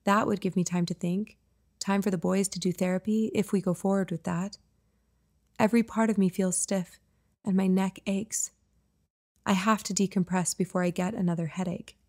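A woman's voice: fairly even intonation, normal speed, darkish tone. Author-narrator, female, first-person audiobook reading, mid-range voice. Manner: voices the boys' lines higher and livelier. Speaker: author narrating her own novel.

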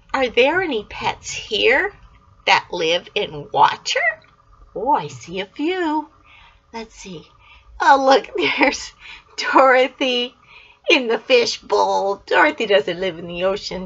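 An older woman hosts a storytime, reading a picture book aloud to young children. Her voice is high and swoops up and down as she asks questions and cheers answers. It comes through a muffled, lo-fi recording. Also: fairly bright tone, slightly rough. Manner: sing-song, asks the listener questions and praises answers.

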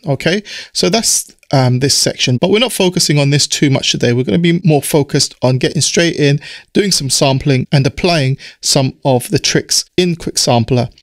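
Man with a croaky voice, tutoring software. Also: fairly high pitch, moderate pace, no room sound, clean studio sound. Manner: explanatory, step-by-step, relaxed with fillers. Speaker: music production tutor. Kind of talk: screen-recorded software tutorial. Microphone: studio mic through audio interface.

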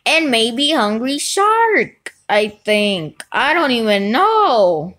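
This is a woman commentating her gameplay as it happens. Her voice sits high, and she talks at an unhurried pace overall, yet she keeps erupting into excited shouts. Between those bursts she rambles and second-guesses herself. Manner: excitable, frequent outbursts and shouting; rambling, unsure asides. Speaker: gaming channel host.

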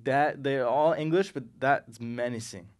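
A man's voice: mid-range voice, measured pace. A man co-hosting a comedy podcast, chatting casually and asking questions. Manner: laid-back, asks questions, tries accents. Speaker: podcast co-host.

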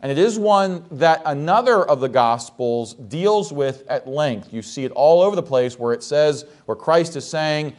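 A man's voice: on the high side, a little mellow. Man preaching an expository sermon. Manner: expository preaching, rhetorical questions to the congregation. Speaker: pastor. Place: church.

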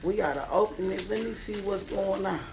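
A young adult woman comedian, loud and excitable, swearing freely and chanting words over and over as she unboxes a gift bag on a casual livestream. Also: medium pitch, brisk, vocal fry, noisy background. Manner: loud, excitable, profane, sing-song repeating. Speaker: comedian and businesswoman.

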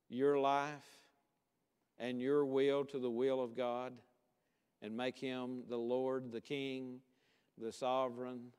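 A male pastor preaching a sermon with emphatic, repeated calls to commitment, easing into a quiet prayer. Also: mid-range voice, clear, resonant tone. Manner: impassioned preaching with rising emphatic repetition, then quiet prayer. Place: church sanctuary. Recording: long church-hall reverb.

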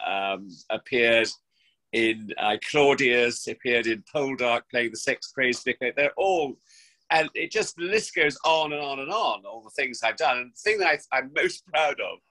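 Pushed and bright at medium pitch, the voice belongs to a man in his sixties, an actor from England's West Country. He chats effusively and theatrically in a remote interview from home during lockdown, frequently restarting, on a rough recording.

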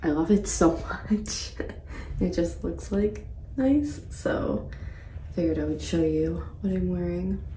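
A woman in her late twenties chats casually and rambles to camera in a morning vlog inside a house. Her lowish, mellow voice takes things slowly, recorded roomy and far from the mic with a little hiss or hum.

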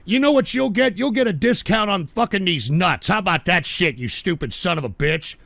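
A man hosting a live stream, reading donations aloud and cursing at his chat in combative rants that burst into shouts. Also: sits high, moderate pace, creaky, dry recording. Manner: profane, combative ranting with sudden shouts. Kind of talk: live call-in style radio stream.

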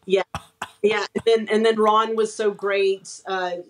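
A woman's voice: medium pitch, little pitch movement, measured pace, low-quality recording. A woman from East Texas, an author guest in a casual interview, modest and easygoing, trailing off with fillers.

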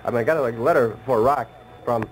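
A man's voice: medium pitch, brisk, slight background noise, rough recording. A man doing jokey, chuckling radio patter as a 1960s disc jockey.

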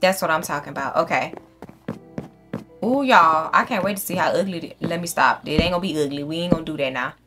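A woman's voice: sits low, fast talker, over music. A woman hosting a casual game playthrough, chatting and swearing freely at her viewers and talking to the animals in the game. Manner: chatty, profane, talks straight to viewers. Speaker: gaming channel host. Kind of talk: casual let's-play commentary.

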